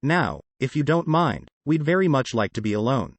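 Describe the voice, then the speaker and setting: Brief: weepy, coy old police sergeant with a woman inside him, read by a male narrator, lively swooping delivery. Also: medium pitch, normal speed, dry recording.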